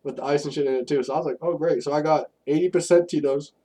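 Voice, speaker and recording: A young man, co-hosting a podcast and telling crude, animated stories in casual chat, a bit far from the mic. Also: a little high, fast. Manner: profane, animated storytelling. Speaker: podcast co-host.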